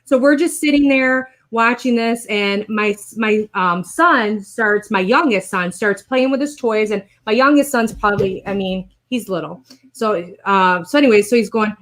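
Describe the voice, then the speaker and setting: A woman telling a personal story in casual conversation, rambling and animated, acting out the voices of the people in it. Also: mid-range voice, moderate pace. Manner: rambling, animated retelling with quoted voices and laughs. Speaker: guest sharing a personal story.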